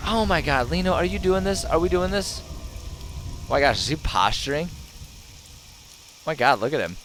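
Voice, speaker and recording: A male gaming streamer giving animated, sarcastic commentary from home. His pitch swings widely as he jokes, and he laughs often. A faint hiss sits under the recording. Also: normal speed, long pauses. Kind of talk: casual let's-play commentary.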